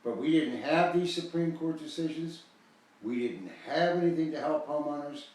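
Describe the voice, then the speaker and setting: Older man, folksy and emphatic, rambling pitch, very echoey room, distant mic. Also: normal speed, a little mellow. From United States. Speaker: host selling a foreclosure guide. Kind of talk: casual promotional talk.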